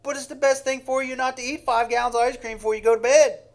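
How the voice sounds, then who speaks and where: A man's voice: very high-pitched, steady tone, quick pace. A man preaching a sermon in a heartfelt way, with sighs and acted-out examples.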